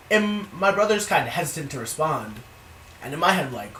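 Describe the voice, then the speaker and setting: A young man telling a casual, profane story in an animated storytime vlog, recorded indoors. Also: a little high, fairly quick, a little hiss or hum. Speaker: vlogger. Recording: roomy, distant from the mic.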